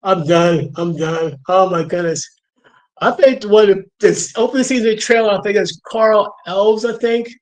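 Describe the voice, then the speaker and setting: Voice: mid-range voice, measured pace, darkish tone, poor audio. A livestream host with a New York accent, rambling in casual chat and laughing often.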